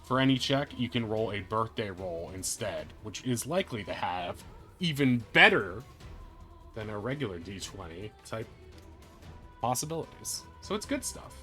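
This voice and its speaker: A man's voice: fairly low pitch, animated, normal speed, pushed and bright, faint music behind. A man running a tabletop game as game master, chatty and playful, narrating with casual fillers.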